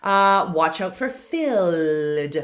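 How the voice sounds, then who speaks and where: A woman with a slightly low voice runs a pronunciation lesson at a very unhurried pace. She sounds out consonants and vowels one by one and over-enunciates each word for the learners. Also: expressive. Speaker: singing and pronunciation teacher.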